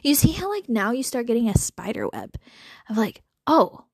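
A woman hosting a podcast, talking in a chatty, animated way with lots of filler words and little laughs. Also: fairly high pitch, normal speed, creaky, breathy edge, no room sound, studio quality. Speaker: podcast host. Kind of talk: casual monologue.

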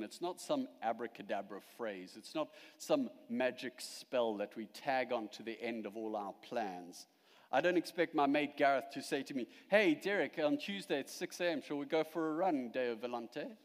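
A male pastor preaching a sermon, emphatic at the peaks and dropping quiet at the close. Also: on the high side, big-room sound.

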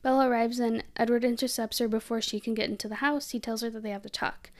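A young woman casually recapping a movie, animated and giggly, with lots of "like". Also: on the high side, fast talker. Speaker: podcast co-host.

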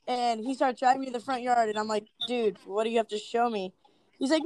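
Young woman guest, high voice, chatty storyteller who laughs a lot, close dry sound. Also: fast talker, no echo, poor audio. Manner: chatty, laughs often, animated quoting. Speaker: interviewee, video creator. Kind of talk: casual interview storytelling.

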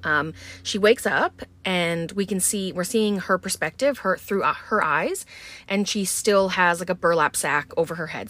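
A woman's voice: fairly low pitch, unhurried, fairly bright tone. A woman hosting a podcast who recaps a film in a chatty, casual way, recording on a boat and filling her talk with um and like. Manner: chatty, many fillers like um and like. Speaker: podcast host.

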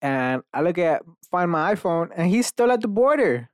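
A man's voice: high voice, big pitch swings, normal speed, no room sound, clean studio sound. A young man from Dallas hosting a casual solo podcast, rambling and swearing a lot as he interrupts himself. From Dallas, Texas, USA. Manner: rambling, profane, swears often; self-interrupting, many restarts and fillers. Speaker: podcast host.

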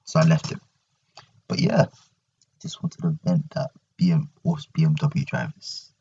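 A man's voice: very deep voice, big pitch swings, a little slow, gravelly, warm tone, slightly rough, lo-fi sound. A young man hosting a solo podcast, ranting animatedly and repeating his points. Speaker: podcast host.

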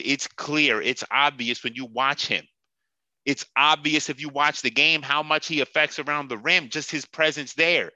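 A man's voice: a little high, sharp tone, no room sound. A man hosting a sports podcast, ranting with profanity and sarcasm and laughing at his own jokes. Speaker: podcast host. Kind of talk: heated sports podcast rant.

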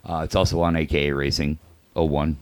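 Guest: race car driver, man, deep and dry, measured delivery. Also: little pitch movement, no echo. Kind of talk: casual podcast chat.

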